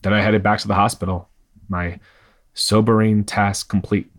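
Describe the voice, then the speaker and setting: An older man narrating a painful personal memory in a quiet, measured way. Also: lowish voice, little pitch movement, dry recording. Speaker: storyteller.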